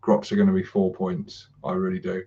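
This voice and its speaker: Stream host, male, low voice, loose and sweary, muffled lo-fi audio. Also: completely flat delivery, a little fast, mellow. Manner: rambling, swears freely, many ums, chuckles. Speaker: channel host. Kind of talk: casual livestream chat.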